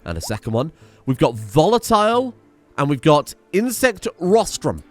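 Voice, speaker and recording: Young man, gaming commentary, animated voice, swears a lot, faint music behind. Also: a little high, normal speed. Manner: excitable, chatty, swears freely. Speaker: gaming streamer. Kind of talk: let's play commentary.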